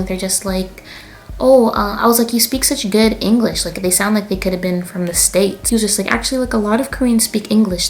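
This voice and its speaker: A woman's voice: medium pitch, fairly bright tone. A young woman in her twenties from Canada with a Canadian accent, chatting casually as she tells a storytime in her vlog. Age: 20s. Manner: chatty, lots of fillers and laughs. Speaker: vlogger.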